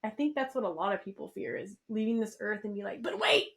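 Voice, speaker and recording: A woman's voice: mid-range voice, fast. Candid, swearing woman podcast co-host. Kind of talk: casual chat.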